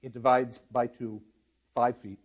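A man's voice: medium pitch, level tone, measured pace, breathy edge, lo-fi sound. A man giving a university lecture on a play, explaining verse and reading lines aloud with dramatic emphasis. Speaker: literature lecturer.

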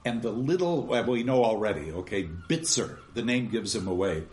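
Animated man lecturing on a novel. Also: lowish voice, moderate pace. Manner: animated, digressive, chuckling. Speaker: literature lecturer. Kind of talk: informal lecture with readings.

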